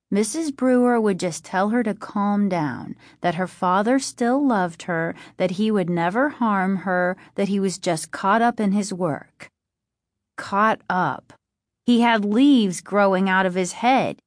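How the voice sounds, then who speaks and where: A woman narrates a storybook in a slow, deliberate, suspenseful way. Her pitch sits in the middle and she takes her time. The recording is dry and close. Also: dry recording. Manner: measured, suspenseful reading.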